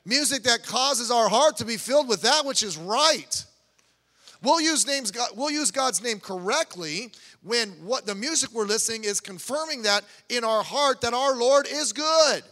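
High, bright-voiced preacher in a reverberant church. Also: male voice, animated, moderate pace. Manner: conversational preaching with asides and restarts. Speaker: pastor. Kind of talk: sermon. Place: church sanctuary. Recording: long church hall reverb.

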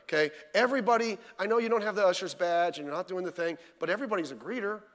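A high-voiced man talks fast and fairly brightly as he gives a midweek church sermon. As pastor, he's folksy and conversational, using many rhetorical questions, and the hall adds noticeable reverb.

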